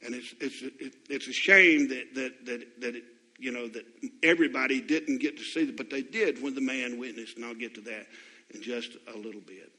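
A man's voice: mid-range voice, normal speed, pushed and bright, slightly rough, in a large hall. A man preaching a sermon as pastor, questioning his congregation and building to impassioned appeals.

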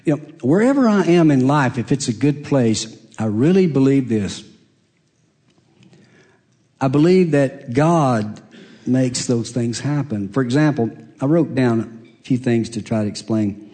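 A man preaching a sermon, earnest and confessional, swinging from raised emphatic peaks down to near-whispered hushes. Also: lively intonation, a little slow. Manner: emphatic, rising high then dropping to near-hush.

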